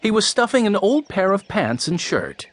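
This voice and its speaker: Expressive male storybook narrator. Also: high-pitched, normal speed, no echo. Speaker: audiobook narrator.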